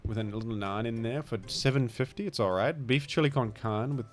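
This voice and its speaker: A man's voice: medium pitch, fairly quick, soft background music. Rambling Australian man mumbling asides. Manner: rambling, self-deprecating, trails off into mumbled asides. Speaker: gaming streamer. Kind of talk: casual rambling game commentary.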